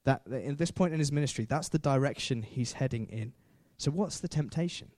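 A man's voice: medium pitch, fairly quick, darkish tone, no echo, clean studio sound. A man preaching a sermon in a chatty way, with self-deprecating jokes and frequent fillers.

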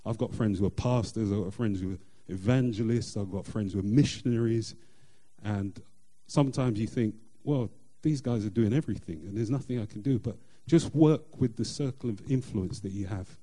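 A middle-aged man, sharing a personal faith testimony in an earnest, halting way with many fillers and restarts. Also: fairly low pitch, warm tone. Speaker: church member sharing testimony.

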